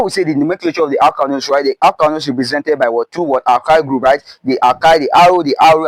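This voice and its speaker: A male chemistry teacher with a Nigerian English accent lectures at a board, emphatically drilling terms by repeating them and prompting with "what" and "right?". His voice is on the high side, recorded without echo but at low quality.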